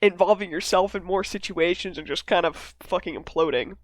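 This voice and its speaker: A woman hosting a casual discussion, talking in an animated way, swearing freely and acting out characters' lines. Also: fairly low pitch, a little fast, no echo. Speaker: podcast host leading a discussion. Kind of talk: casual chat.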